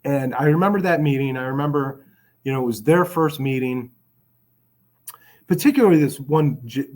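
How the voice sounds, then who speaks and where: A man's voice: mid-range voice, normal speed, darkish tone. A man from Chicago telling his recovery story in a casual, rambling way, with many restarts and fillers.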